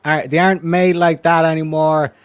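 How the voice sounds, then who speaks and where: High-voiced playful male host. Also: little pitch movement, normal speed, clean tone. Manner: loud playful performer, breaks into song. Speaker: show host. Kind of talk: livestream banter, rapping a song.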